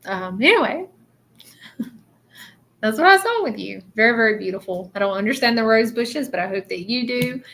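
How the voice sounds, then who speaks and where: A woman hosting a casual live stream, talking softly and haltingly with many fillers as she gives readings to viewers. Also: fairly high pitch, lively intonation. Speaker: psychic medium livestreamer.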